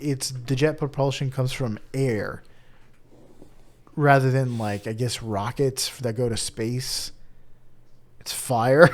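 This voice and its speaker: A man co-hosting a podcast in casual chat, chatty and quick to laugh, sometimes stumbling over words. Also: mid-range voice. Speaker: podcast co-host.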